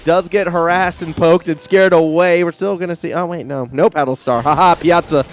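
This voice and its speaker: A man with an Australian accent doing lively play-by-play commentary on an esports match, chatty and joking. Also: a little high, normal speed, slight background noise. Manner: animated, chatty, jokey asides. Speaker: esports caster.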